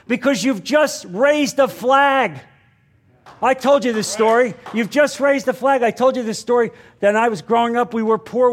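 A man preaching a sermon in an emphatic way, repeating lines and putting questions to his listeners. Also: high voice. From New Jersey.

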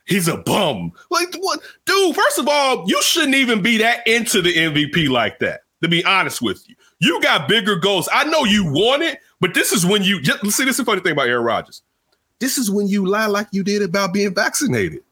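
Animated, lively-voiced male sports talker. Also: a little fast, slightly rough. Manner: animated, swings between loud outbursts and low asides; rambling, restarts often. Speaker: sports talk host. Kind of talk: casual sports debate.

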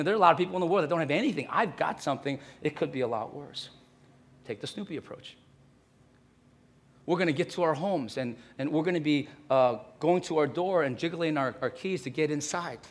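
A pastor preaching a sermon, telling everyday stories and acting out quotes in hushed asides. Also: male voice, a little high, expressive, a little fast, breathy edge.

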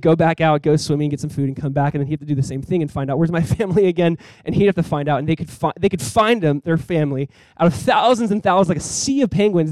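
A male pastor delivers a sermon at a rapid clip, talking to the congregation like he's chatting with friends. His voice sits a bit high for a man, and the room is dry with no echo. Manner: conversational, animated preaching with quick asides.

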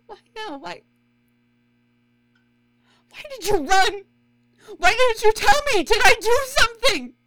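A woman's voice: high-pitched, big pitch swings, a little slow, very noisy. Woman voicing a bitter, heartbroken young mother. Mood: desperate. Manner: bitter, swearing, raw and pleading. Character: heartbroken woman confronting a lost first love. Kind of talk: scripted audio drama voicemail.

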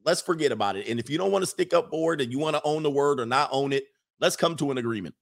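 A man's voice: a little high, rapid-fire, gravelly. A man hosting a casual livestream, reading chat comments and giving emphatic opinions, often repeating phrases for effect.

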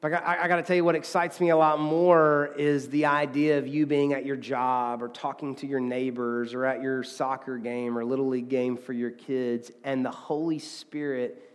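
A man's voice: mid-range voice, in a large hall. A man preaching a sermon as a pastor, earnest and conversational, often restarting and acting out quotes.

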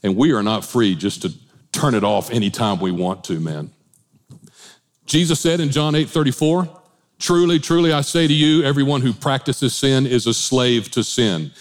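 Animated man preaching a sermon. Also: medium pitch, normal speed. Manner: animated, shifting pace for emphasis, with asides and humor. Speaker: pastor.

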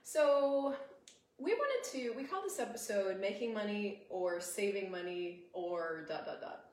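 A woman's voice: mid-range voice, lively intonation, a little slow. Chatty American woman hosting a show. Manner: chatty and upbeat, with laughs. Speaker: podcast host. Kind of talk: casual conversational interview. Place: room with guest, shared microphone. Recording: roomy echo and faint ambient noise.

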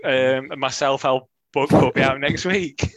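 Man, jokey podcast co-host, medium pitch, dry sound. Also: a little slow, a bit bright, dry recording. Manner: joking, mocks others in a whiny voice. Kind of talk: casual chat.

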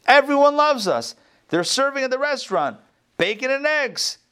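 A giddy, naive chicken, chirpy and eager, as a man puts it on mid-joke. The voice jumps up high and bubbles with rising questions. The manner stays bright and pleased throughout. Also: sing-song, normal speed, clear, resonant tone, full character voice.

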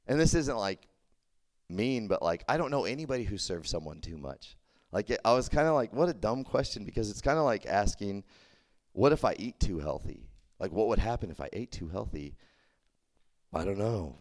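A man's voice: low-pitched, a little mellow. A young man giving a casual, conversational sermon to a college group, telling a story with many fillers. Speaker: preacher at a college ministry.

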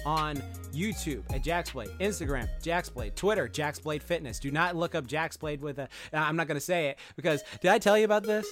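A man co-hosting a podcast in casual chat, excitable, laughing often and swearing a lot. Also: on the high side, a little fast, few pauses, faint music behind. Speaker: podcast co-host.

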